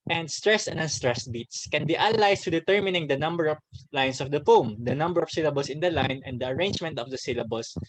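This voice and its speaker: A Filipino man with a Filipino accent, a teacher giving a casual online lesson, talking directly to his students in halting phrases with many restarts. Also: fairly high pitch, poor audio. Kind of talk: online class lesson, mixing English and Bisaya.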